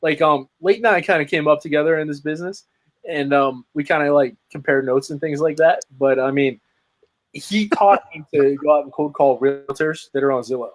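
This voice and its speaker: A man's voice: fairly high pitch, brisk, rough recording. A man speaking as a guest on a video call, telling his story with energy, emphasis and many restarts. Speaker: guest, lead generation marketer. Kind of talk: casual interview chat.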